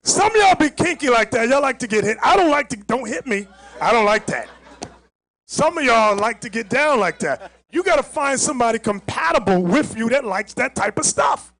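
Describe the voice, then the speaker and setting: A man's voice: very high voice, sing-song, moderate pace, fairly bright tone. A man giving emphatic commentary on a played clip, often stopping it to lecture.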